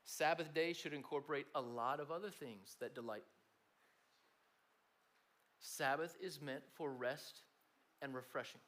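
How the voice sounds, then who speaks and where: A man's voice: a little high, a little slow, pauses often, a bit bright. A man giving a conversational sermon to a room of students, talking to them directly. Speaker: speaker at a student gathering.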